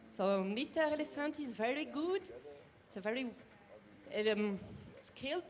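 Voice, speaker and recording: High-voiced woman with a French accent. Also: expressive, unhurried. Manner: earnest, searches for words, restarts sentences. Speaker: co-chair of a national party branch. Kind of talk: welcome speech at a party assembly. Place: conference room.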